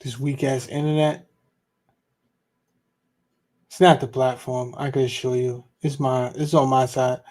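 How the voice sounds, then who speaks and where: A man hosting a podcast livestream, talking in a relaxed, casual, slangy way. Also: mid-range voice, measured pace, long pauses. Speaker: podcast host.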